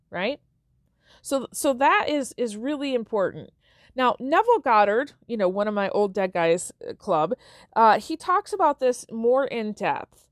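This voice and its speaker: A podcast host runs a self-help show, chatting casually, drawing on everyday examples and checking in with listeners through frequent "okay?" and "right?". Her voice sits a little high with lively intonation and a moderate pace, captured in clean studio sound with no echo.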